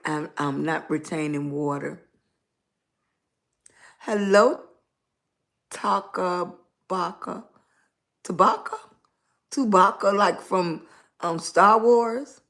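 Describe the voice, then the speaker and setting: A middle-aged woman with a Southern US accent and a slightly raspy voice, rambling in casual livestream chat and greeting viewers by name. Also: lowish voice, very slow, pauses often, fairly bright tone. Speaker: lifestyle blogger live streaming.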